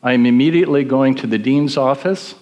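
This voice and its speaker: A man's voice: medium pitch, a little fast, a little mellow, lightly acted. A man doing a stern, scolding doctor in a reverberant hall. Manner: harsh, scolding. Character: stern, cold older male department chairman doctor.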